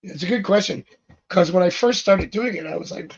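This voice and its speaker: A man's voice: sits high, fairly quick, breathy edge, muffled recording. A man talking as a psychic tarot reader in a casual interview, rambling along and acting out the lines of the people he quotes. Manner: rambling, acts out quoted dialogue.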